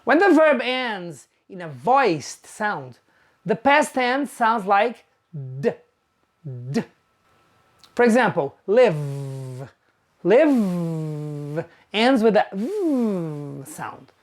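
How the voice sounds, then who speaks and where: A woman teaching English pronunciation, saying each example sound slowly and deliberately. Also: mid-range voice, very animated. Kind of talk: slow pronunciation lesson.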